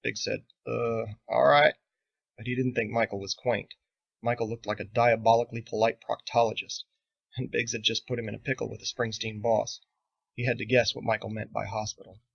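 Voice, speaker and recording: A man reading his own novel aloud in steady, measured audiobook narration. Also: lowish voice, gravelly, lo-fi sound.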